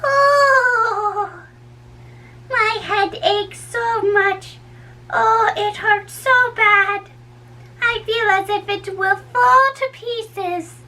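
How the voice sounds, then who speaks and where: A woman's voice: very high voice, lively intonation, slow pace, pauses often, pushed and bright, full character voice. A woman reading a play aloud, voicing a fussy, teasing old nurse who groans and draws out her complaints. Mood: groaning. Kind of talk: dramatic reading.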